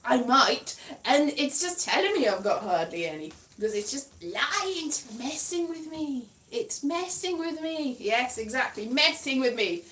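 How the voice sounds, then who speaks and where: A woman's voice: high voice, expressive, a little slow, fairly bright tone, roomy sound, distant mic. A woman from Wales chatting casually on a livestream, rambling and poking fun at herself with frequent giggles. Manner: rambling, self-mocking, giggly. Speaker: comedian.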